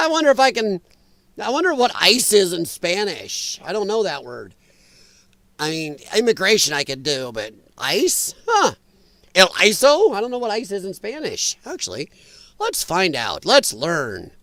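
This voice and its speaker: A male livestream host with a fairly high voice, recorded close and dry with no room sound. He talks casually and bluntly, answering viewers' comments, animated and quick to laugh. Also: no echo. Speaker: livestream talk show host. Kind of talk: casual live chat, reading viewer comments.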